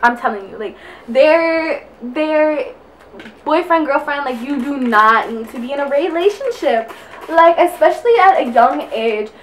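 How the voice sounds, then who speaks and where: A woman's voice: high voice, lively intonation, unhurried, slight background noise. A young woman vlogging in casual chat while getting ready, out of breath and rambling with constant fillers. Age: young adult. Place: indoors at home, getting ready.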